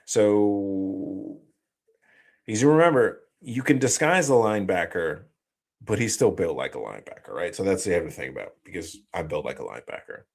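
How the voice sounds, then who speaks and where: A man's voice: sits low, animated, moderate pace, vocal fry, a little mellow. A man hosting a live stream, explaining things in a loose, casual way with many fillers and restarts. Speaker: host.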